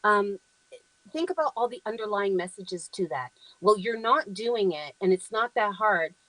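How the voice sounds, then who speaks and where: A woman's voice: mid-range voice, lively intonation, moderate pace, fairly bright tone, no room sound, rough recording. A woman hosting a talk show, speaking in an earnest, affirming way with frequent ums as she walks through slides and reads short phrases aloud. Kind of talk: conversational talk show presentation.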